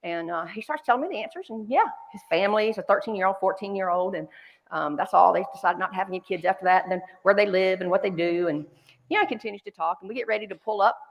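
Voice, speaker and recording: A woman's voice: mid-range voice, fast, dull audio. A woman from North Carolina with a Southern accent, giving a keynote talk as a chatty, self-deprecating storyteller in a large conference hall. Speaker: keynote speaker. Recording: long hall reverb.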